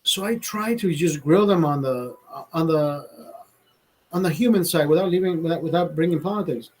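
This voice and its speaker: A man's voice: on the high side, normal speed, darkish tone. A man hosting a livestream, telling a story in a profane, emphatic way, often repeating himself and restarting sentences. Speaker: livestream host. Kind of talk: casual live storytelling rant.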